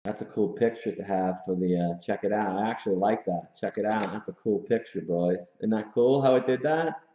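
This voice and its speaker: A man's voice: on the low side, moderate pace, warm tone. A man hosting a casual livestream from his home office, hyped and slangy, often laughing. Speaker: host. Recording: roomy, slightly dull room sound.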